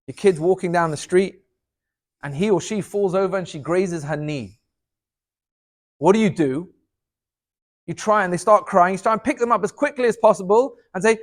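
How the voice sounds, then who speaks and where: A rabbi with a notably high-pitched voice gives an inspirational talk. He swings from loud, emphatic lines down to soft, low asides, and his delivery stays dynamic throughout.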